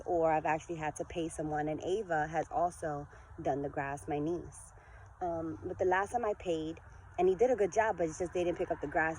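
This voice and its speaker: A woman's voice: low-pitched, a little hiss or hum, low-quality recording. Earnest motivational woman in her forties. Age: 40s. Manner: earnest, lively, encouraging. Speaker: vlogger. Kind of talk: motivational talk to camera.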